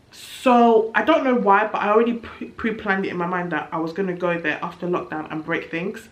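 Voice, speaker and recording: A young woman vlogger talks fairly quickly with few pauses, in a steady tone at medium pitch. Recorded in an echoey room, her review vlog is candid and exasperated, with occasional laughs at herself.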